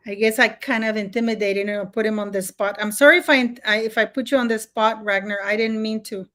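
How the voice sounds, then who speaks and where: Rambling woman live-streaming, higher voice. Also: steady tone, brisk, fairly bright tone. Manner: rambling, many fillers and restarts, frequent laughter. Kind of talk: casual live stream chat.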